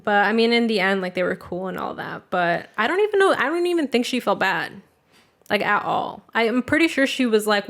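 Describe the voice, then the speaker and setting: A woman's voice: medium pitch, sing-song, fairly quick, fairly bright tone. Casual, cussing young woman podcaster. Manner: loose and profane, with heavy filler "like"; retells family stories by acting out the quotes. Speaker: podcast host. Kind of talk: casual chat.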